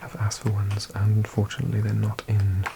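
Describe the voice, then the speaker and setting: A man with a Welsh accent, hosting an ASMR video and reading aloud in a slow, hushed mix of whisper and soft speech. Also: lowish voice, completely flat delivery, creaky, very noisy. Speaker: ASMR host.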